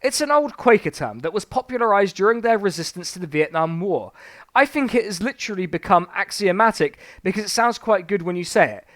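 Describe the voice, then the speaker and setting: A man's voice: high-pitched, sing-song, normal speed, a bit bright. A man reviewing a book live on stream, reading passages aloud and answering them with sweary, sarcastic rants.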